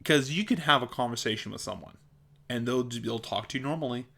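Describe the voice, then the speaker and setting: In a brisk, creaky, somewhat bright medium-pitched voice, a young adult man with a mild speech impediment shares casual opinions on his vlog. He sounds blunt and fed up, and laughs between points.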